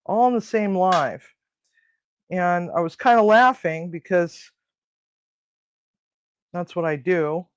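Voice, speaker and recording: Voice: mid-range voice, no echo. A host chatting casually on a live cooking stream, talking to viewers and grumbling to themself while cooking in a home kitchen.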